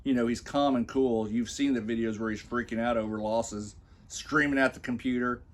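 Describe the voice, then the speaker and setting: A man's voice: mid-range voice, steady tone, normal speed. A man giving mocking commentary on a post he reads aloud from his phone, with sarcastic, scornful asides. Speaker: commentary vlogger.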